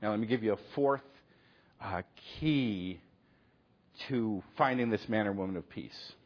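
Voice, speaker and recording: Middle-aged male pastor, husky voice, dull lo-fi sermon recording, chatty delivery. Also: fairly low pitch, unhurried. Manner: conversational, acts out quoted exchanges, frequent "okay?".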